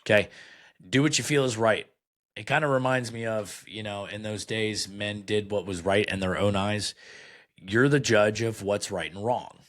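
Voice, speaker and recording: A podcast host with a somewhat low, steady voice reads card meanings aloud one at a time at a normal pace. He tears into each with blunt, dry sarcasm, peppering his critique with frequent "um" and "okay" fillers.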